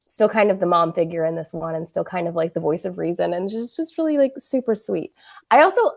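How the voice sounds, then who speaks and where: A woman working as an audiobook narrator, chatting casually in an interview. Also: on the high side.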